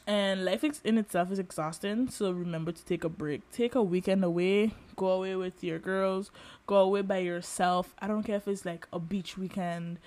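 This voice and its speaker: A young woman in her twenties hosting a podcast, talking candidly in a personal monologue, with lots of fillers and animated emphasis. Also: mid-range voice, normal speed. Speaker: podcast host.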